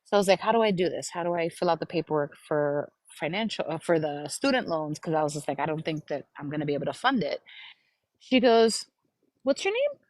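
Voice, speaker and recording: A young woman, a guest on a live stream, telling her testimony in an emotional, animated way. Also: deep voice, quick pace, hardly any pauses, no echo.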